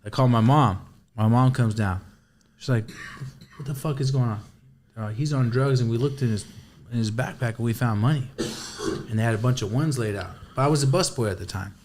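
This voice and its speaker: A man's voice: mid-range voice, a little fast, pauses often. Profane storytelling man, casual podcast. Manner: profane, animated storyteller acting out quotes. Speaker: podcast host.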